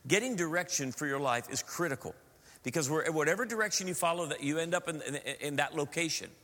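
A man's voice: a little high, quick pace, pushed and bright. A middle-aged man preaching a sermon, telling stories with humor and asking the congregation questions. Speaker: pastor. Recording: reverberant church hall.

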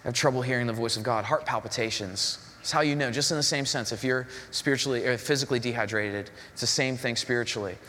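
A man's voice: mid-range voice, fast, few pauses, slight background noise. A young adult man preaching a sermon in a church hall, telling stories and acting out what other people say. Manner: animated storytelling, voices others in quotes. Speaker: pastor.

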